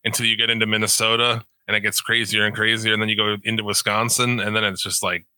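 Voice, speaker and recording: Bright-voiced profane Midwestern guy. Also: fairly low pitch, little pitch movement, fast talker, clear, resonant tone, dry recording, low-quality recording. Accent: Upper Midwest American. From Upper Midwest United States. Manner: profane, laughing often. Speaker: podcast host. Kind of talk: casual chat.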